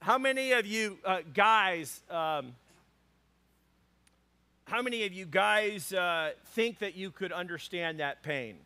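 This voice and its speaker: A male pastor preaching a sermon to a congregation, telling funny personal stories in an animated way. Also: high-pitched, takes it slowly. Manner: animated storytelling with humor. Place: church before a congregation.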